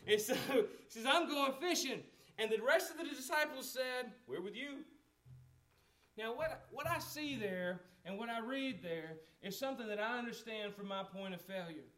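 A high-voiced man preaches in a relaxed, conversational way. He asks the listeners questions and acts out the lines of the people in the story. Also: moderate pace. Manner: conversational preaching with rhetorical questions, acting out quotes. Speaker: pastor. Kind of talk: sermon.

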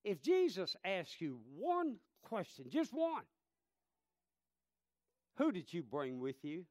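Male pastor in his thirties, sermon delivery that swings from loud to hushed, high lively voice, unhurried pace. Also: dry recording, clean studio sound. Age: 30s. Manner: impassioned, swings from shouting to hushed storytelling.

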